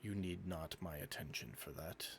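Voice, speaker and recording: A man voicing a haughty male ruler of a city, speaking in formal, measured threats. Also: sits low, creaky. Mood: cold.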